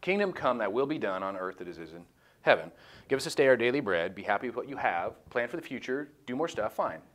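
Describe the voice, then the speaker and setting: A man's voice: mid-range voice, sing-song, fast talker, a bit bright. A man leading a small group Bible study, casual and jokey, cutting in with blunt comments. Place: room with a small group, streamed live.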